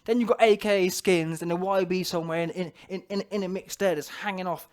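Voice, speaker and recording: A man, ranting casually to camera about boxing, slangy and animated, often laughing. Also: high voice, fast. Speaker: boxing commentator.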